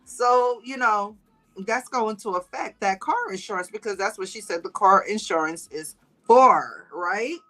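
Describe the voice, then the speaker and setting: A woman hosting a livestream shares casual gossip with viewers, speaking a little slowly. Animated and quick to laugh, she acts out what people said in a higher voice. The audio is poor.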